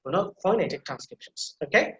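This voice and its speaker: A man's voice: high voice, lively intonation, brisk, muffled recording. Male instructor, patient step-by-step explainer, roomy echoey sound. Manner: explains step by step, repeats key points, many fillers. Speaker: teacher. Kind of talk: online pronunciation lecture.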